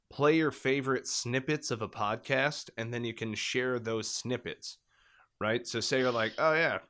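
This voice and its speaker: A man hosting a podcast in casual, joking chat, loud and profane. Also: mid-range voice. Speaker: podcast host.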